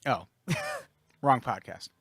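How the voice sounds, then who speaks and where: A man hosting a casual comedy podcast, teasing his co-hosts in a deadpan way. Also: medium pitch, extremely slow, creaky, slightly rough, dry recording, studio quality. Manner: deadpan, teasing, runs the show. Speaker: podcast host.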